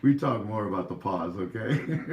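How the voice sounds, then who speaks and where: Rambling man with a lively voice. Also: lowish voice, slow pace, slight background noise. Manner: rambling, jokey, animated. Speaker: livestream host. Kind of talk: rambling casual commentary. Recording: echoey room, far from mic.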